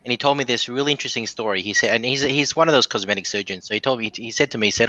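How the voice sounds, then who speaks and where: Male caller, fast and bright, rambling joke teller, slightly dull dry line. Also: medium pitch, dry recording. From Australia. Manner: rambling storyteller, many restarts. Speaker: caller telling jokes. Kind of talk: casual joke telling on a call-in show.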